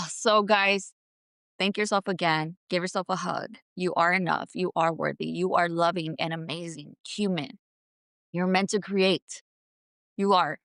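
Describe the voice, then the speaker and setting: A woman's voice: fairly low pitch, steady tone, moderate pace, a bit bright, smooth, no echo, clean studio sound, faint music behind. A woman hosting her own show, delivering an earnest motivational self-help monologue from home and repeating affirmations for emphasis. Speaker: podcast host. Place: at home, indoors.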